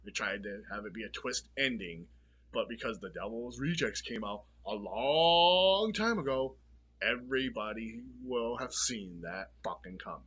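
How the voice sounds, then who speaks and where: A man's voice: mid-range voice, animated, a little slow, fairly bright tone, slightly rough, highs cut off. A man giving a casual movie review, swearing freely in a blunt, exasperated rant.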